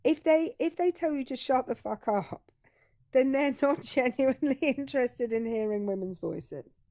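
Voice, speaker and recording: A woman's voice: high voice, animated, moderate pace, mellow. A British woman co-hosting a casual political live stream, speaking frankly and swearing freely. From Britain. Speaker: co-host.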